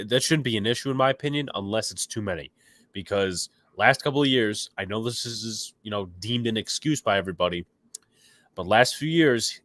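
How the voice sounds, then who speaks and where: A man's voice: on the low side, fairly bright tone, dry recording. A man hosting a casual sports podcast, opinionated and rambling, with a stuffy nose, reacting to chat comments. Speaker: podcast host.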